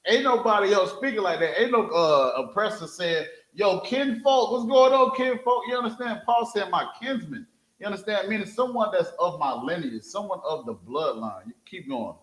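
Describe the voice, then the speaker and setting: A man's voice: high voice, normal speed, roomy sound, low-quality recording. A man teaching scripture, calling for verses from a reader and asking "you understand?" again and again. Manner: calls for verses, repeats "you understand?", animated. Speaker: street preacher teaching scripture.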